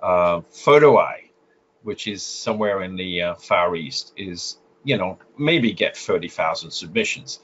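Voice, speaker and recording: A man's voice: sits low, animated, a little slow, fairly bright tone, slight background noise. A man with a French accent, a guest photographer giving advice in an interview, explaining with frequent filler sounds and restarts. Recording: slightly muffled lo-fi audio.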